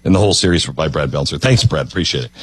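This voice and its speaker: A man hosting a show, chatting and telling a story in a lively way. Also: a bass voice, racing. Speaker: host. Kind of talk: casual chat.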